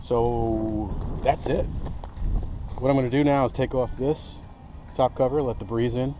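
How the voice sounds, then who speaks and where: A man's voice: medium pitch, fairly even intonation, a little slow, dark tone, muffled recording, slight background noise. A man walking through his hammock setup outdoors in a casual vlog, enthusiastic and rambling, often breaking off mid-sentence. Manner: enthusiastic, rambling, self-interrupting. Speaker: outdoor gear reviewer. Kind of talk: casual gear demo vlog. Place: outdoors by a hammock among trees.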